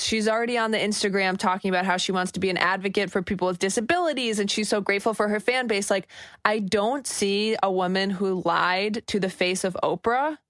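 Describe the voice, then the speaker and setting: A woman's voice: mid-range voice, fairly bright tone, dry recording. Opinionated woman podcast co-host, sarcastic asides, dry close-miked sound. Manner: snarky, opinionated, rambling asides. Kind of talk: casual gossip chat.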